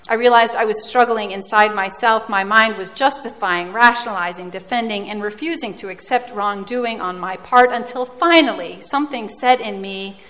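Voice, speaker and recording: A woman's voice: medium pitch, moderate pace, few pauses, fairly bright tone. Female preacher, reflective storytelling sermon with dry self-mocking humor, long hall reverb.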